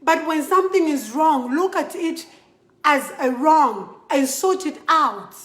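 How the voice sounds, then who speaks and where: An angry Zambian woman speaks to her followers in a high voice, slowly and emphatically, repeating herself and slipping into a local language. The sound is roomy and echoey. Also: expressive. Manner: emphatic, repetitive, switching between English and a local language. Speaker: model addressing followers. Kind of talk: impassioned vlog to camera.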